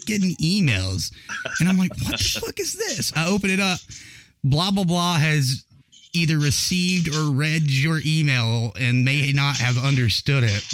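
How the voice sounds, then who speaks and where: A man hosting a podcast in casual chat, rambling and swearing through his stories. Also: mid-range voice. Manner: profane, rambling storyteller. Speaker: podcast host.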